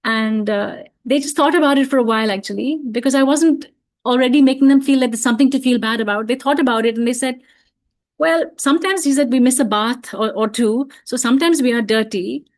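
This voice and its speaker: A middle-aged woman giving an online parenting talk, telling stories in a calm, reflective way with many fillers. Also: high-pitched, a little fast. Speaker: parenting speaker.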